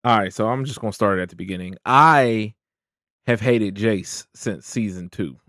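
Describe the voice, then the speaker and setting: A man's voice: lowish voice, normal speed, dry recording, clean studio sound. A man co-hosting a reaction show, casually breaking down a TV episode and acting out how he reacted. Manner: animated storyteller, acts out his own reactions. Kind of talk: casual chat reviewing a TV episode.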